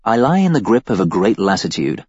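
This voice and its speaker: A man narrating a first-person audiobook with a wry, deadpan delivery. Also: lowish voice, brisk, slightly rough, no room sound, lo-fi sound.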